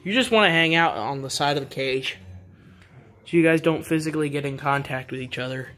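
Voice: mid-range voice, brisk, a bit bright. A pet vlogger at home by the birdcages, coaxing the birds in casual, sing-song baby talk.

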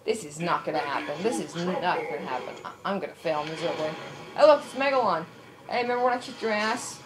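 A woman giving casual, excitable commentary over her own gameplay, yelping, shouting and swearing at the screen. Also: mid-range voice, quick pace. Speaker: let's play gamer.

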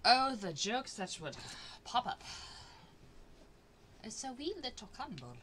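A woman's voice: fairly high pitch, sing-song, a little slow, a bit bright, slight background noise. A woman hosting a casual stream from her home, joking and teasing in a playful way. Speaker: streamer and host. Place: home room, noise from upstairs.

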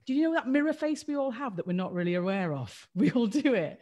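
A woman's voice: a little high, lively intonation, quick pace, a little mellow, dull audio. A woman co-hosting a livestream, talking candidly and self-deprecatingly in a rambling way over a video call. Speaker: co-host.

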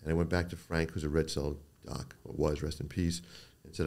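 An older man with a very low, gravelly voice talks through his career as a guest on a podcast. He tells stories at an easy pace and slips into quick impressions of the people he quotes. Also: flat delivery, a little mellow. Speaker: neuro-oncologist guest. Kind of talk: podcast interview.

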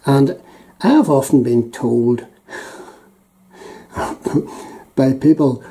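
An older man with a Northern Irish Belfast accent, chatting casually as a YouTube host while reading out local phrases, chuckling often and filling pauses with ums and uhs. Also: mid-range voice, dark tone, rough recording. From Northern Ireland.

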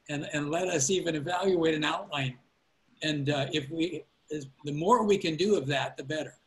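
A man who pastors, teaching a class on preaching over a call. His voice sits a touch high, and he gives earnest, fatherly counsel, often restarting sentences mid-thought. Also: low-quality recording. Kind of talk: informal teaching on a video call.

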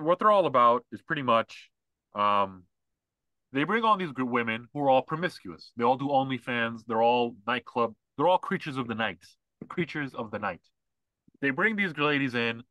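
A man's voice: medium pitch, bright, forceful tone, no room sound. A man co-hosting a podcast, ranting in casual, mocking chat with lots of fillers. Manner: ranting, mocking, mimics others. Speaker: podcast co-host.

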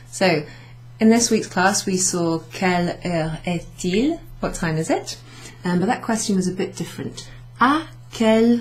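A woman's voice: medium pitch, slight background noise. Chatty woman teaching beginner French. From Wales. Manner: chatty, self-correcting, switching between French and English, light laughs. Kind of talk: recorded class summary lesson.

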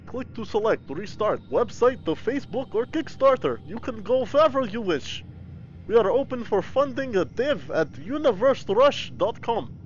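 A man putting on an exaggerated mock accent as a hammy Russian man, pitched high and singsong, over slightly dull stream audio. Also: big pitch swings, normal speed, faint music behind. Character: hammy Russian man calling himself Vlad.

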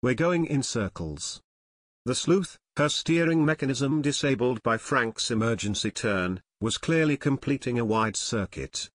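A man narrating an adventure audiobook in a steady, measured storytelling manner. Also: mid-range voice, dry recording, clean studio sound. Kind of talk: scripted narration.

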